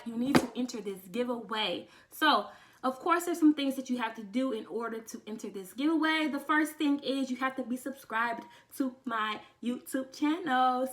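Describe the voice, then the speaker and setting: A young beauty vlogger chats casually to camera in a fairly high voice, sassy and excitable, calling people honey a lot. She gets emotional, nearly in tears from excitement.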